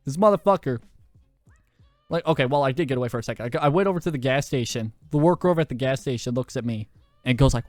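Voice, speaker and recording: A young man hosting a podcast, telling a story in a loud, animated way and swearing often. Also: mid-range voice, fairly quick, long pauses, no echo. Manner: animated, swears a lot, laughs through his story. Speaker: podcast host. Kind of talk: casual storytelling.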